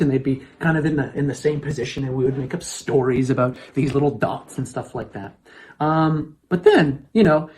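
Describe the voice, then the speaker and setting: A man's voice: a little high, a little mellow. Chatty man teaching astronomy live. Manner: chatty, repeats phrases, frequent "okay?" checks. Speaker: astronomy presenter. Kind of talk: casual livestream lesson.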